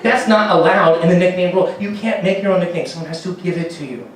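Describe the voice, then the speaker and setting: Rambling comedian in a very echoey room. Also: male voice, high-pitched, fast, slight background noise. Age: 30s. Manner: rambling, profane, acts out dialogue in raised voices. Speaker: stand-up comedian. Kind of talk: stand-up comedy set. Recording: very echoey room, mic from a distance.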